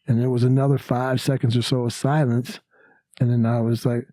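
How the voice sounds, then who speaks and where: Speaking at a moderate pace with a dark tone and medium pitch, this man is a comedian guesting on a podcast. His storytelling is loose and anecdotal, packed with fillers and performed quotations, captured dry in a podcast studio.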